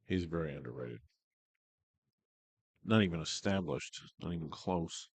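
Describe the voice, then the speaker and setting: Laid-back low-voiced pool commentator. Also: male voice, animated, a little slow, husky, dry recording. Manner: laid-back, chatty, talks shop about shots. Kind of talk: casual live commentary. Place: pool hall at a tournament.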